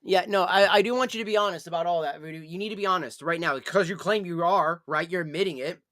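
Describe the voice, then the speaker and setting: Man ranting, profane and scolding. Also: fast talker. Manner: swings from low weary sighs to loud yelling. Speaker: streamer. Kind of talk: casual live-stream chat.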